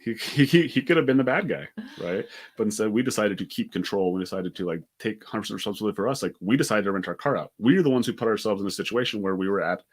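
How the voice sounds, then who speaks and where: A man speaking in a somewhat low voice tells a story at a rapid clip during a relaxed podcast chat. He talks in an animated way and keeps slipping in fillers and restarts. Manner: fast, animated, many "like" fillers. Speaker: podcast co-host.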